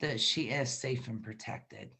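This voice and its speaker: Bright-voiced woman giving a spiritual reading. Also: extremely low pitch, a little slow, vocal fry, husky. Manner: warm-toned reassurance, frequent laughs and fillers. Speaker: intuitive card reader. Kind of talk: spiritual reading, casual chat.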